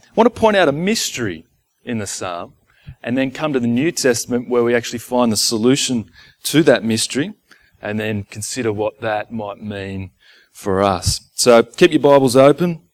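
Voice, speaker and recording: A man preaching a sermon to his church in a relaxed, conversational way, with asides to the congregation. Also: medium pitch, normal speed. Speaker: pastor. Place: church gathering.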